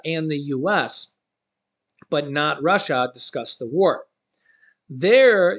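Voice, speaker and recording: Male commentary host, slightly raised pitch, reads news copy then drifts into casual chatty asides. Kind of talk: reading news with personal commentary.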